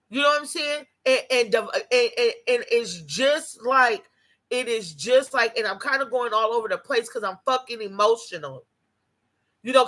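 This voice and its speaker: A woman with a high, bright, sharp voice rants to her camera as a vlogger. She talks off the cuff, swearing freely and running heated, with many restarts and repeated words. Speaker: YouTube vlogger.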